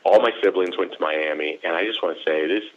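Deep-voiced man telling a story. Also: fast talker. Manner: animated, acts out quoted voices with big pitch jumps. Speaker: storyteller guest. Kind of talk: casual personal storytelling. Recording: dull lo-fi recording.

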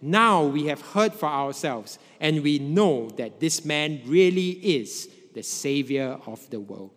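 A man preaching a sermon in a measured way, letting his voice drop low at the ends of phrases. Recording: long hall reverb.

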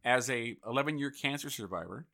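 A man hosting a radio talk show, chatting loosely with guests and filling pauses with "you know" and "uh". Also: mid-range voice, expressive, vocal fry, a crowd in the background. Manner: chatty, loose, with repeated thank-yous and fillers. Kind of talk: casual radio interview.

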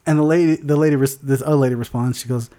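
A man's voice: mid-range voice, steady tone, rapid-fire, dark tone. A man telling a story as co-host of a casual podcast, swearing freely, laughing often and acting out other people's voices.

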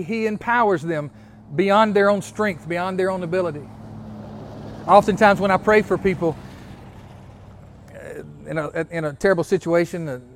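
During an interactive sermon, a fairly high-pitched male pastor keeps asking his congregation questions. He repeats key phrases and stammers as he restarts his sentences.

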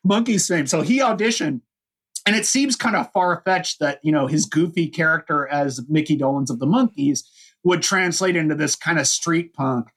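A man's voice: a little high, moderate pace, fairly bright tone. A man hosting a podcast, casually rambling through a history with lots of "you know" fillers. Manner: rambling, many fillers and restarts. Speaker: podcast host. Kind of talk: casual chat, historical overview.

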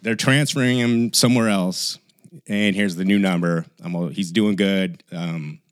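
Man, low deep voice, dry close sound, animated casual storyteller, podcast co-host. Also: a little slow, clear, resonant tone, no echo.

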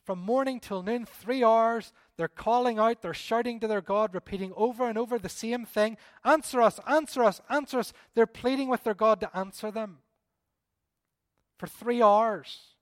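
A male pastor delivering an animated, emphatic sermon to his church, often pleading and repeating phrases. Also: sits high, normal speed, no room sound, studio quality. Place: church service.

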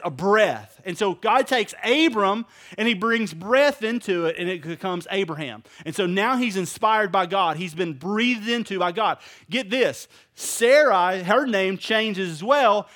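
Male preacher with a high voice, animated and casual, asks his listeners questions. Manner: casual wording. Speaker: pastor. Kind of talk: sermon.

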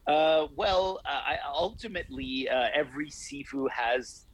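A man who teaches martial arts, answering interview questions in a measured, explanatory way. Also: medium pitch, slight background noise, poor audio. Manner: explanatory, measured, laughs easily.

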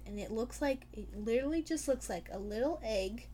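A woman's voice: a little high, animated, fairly quick, mellow. A young woman co-hosting a podcast, rambling and giggly as she retells scenes and acts out quotes. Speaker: podcast co-host. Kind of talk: casual chat.

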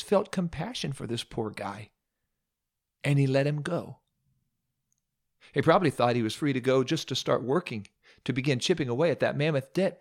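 A man's voice: mid-range voice, gravelly. A man preaching a sermon, retelling a story dramatically with humorous asides.

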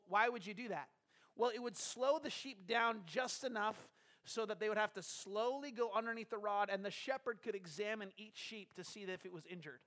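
A man's voice: high voice, fairly bright tone. A man preaching a conversational sermon as a pastor, explaining a scripture passage and putting rhetorical questions to his congregation.

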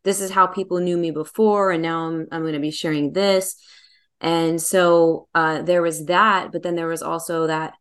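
A woman's voice: low-pitched, fairly even intonation, moderate pace, clean tone. A woman hosting an interview, thoughtful and searching for her words. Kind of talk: reflective interview conversation.

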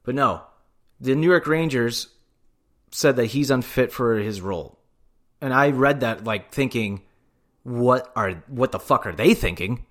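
A man's voice: medium pitch, a bit bright. A man co-hosting a casual podcast, ranting about hockey with lots of swearing, and he says he is tired. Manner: profane, heated sports rant. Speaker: podcast co-host. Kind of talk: casual chat.

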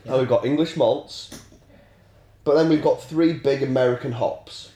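A man co-hosting a casual podcast, explaining things in a measured way while he has a head cold. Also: medium pitch, warm tone. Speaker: podcast co-host. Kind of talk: casual chat. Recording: roomy sound.

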